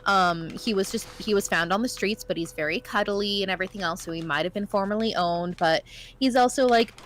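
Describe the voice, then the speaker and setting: A woman's voice: mid-range voice, fairly quick, fairly bright tone, slight background noise. A woman who works the front desk at a vet clinic, telling a rambling casual story and raising her voice to quote people. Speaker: guest on stream; veterinary clinic receptionist.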